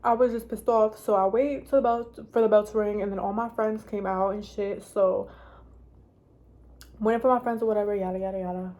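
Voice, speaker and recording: A woman's voice: medium pitch, fairly even intonation, normal speed, warm tone. A young woman telling a casual storytime vlog, rambling and swearing, with lots of "like". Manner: rambling, profane, heavy use of "like". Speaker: vlogger.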